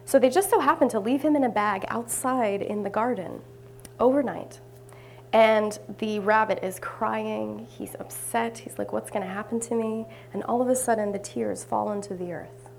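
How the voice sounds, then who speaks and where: A woman minister giving a sermon, telling a story with warmth and occasionally dropping to hushed asides. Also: medium pitch, normal speed, gravelly, a little hiss or hum.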